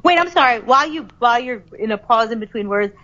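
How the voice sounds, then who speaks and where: A woman with a New York accent chatting on a podcast, lively and joking, swearing casually. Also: a little high, quick pace, lo-fi sound. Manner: lively, swears freely, jokey. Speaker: co-host.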